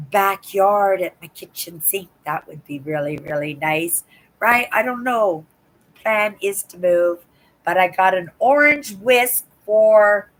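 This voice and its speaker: An older woman with a hoarse voice, chatting in a rambling way on her live stream from home and repeating words. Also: mid-range voice, fairly bright tone, rough recording. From Canada. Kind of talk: casual chat. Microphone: laptop.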